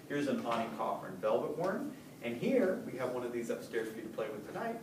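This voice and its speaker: A man's voice: medium pitch, lively intonation, moderate pace. A man giving a casual college zoology lecture, quizzing students and often checking with "right?". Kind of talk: classroom lecture. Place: lecture hall. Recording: roomy lecture hall from far off, light noise.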